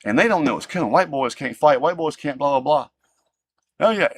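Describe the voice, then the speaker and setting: A man hosting a livestream, ranting with profanity and swinging between loud outbursts and low muttering. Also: lively intonation, brisk, slightly rough, no echo. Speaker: livestream host. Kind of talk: heated ranting livestream talk.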